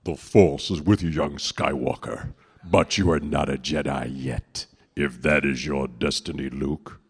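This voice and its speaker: Darth Vader: a man doing a deep menacing space villain. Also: measured pace, slight background noise. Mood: ominous. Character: menacing masked male space villain, cold and commanding.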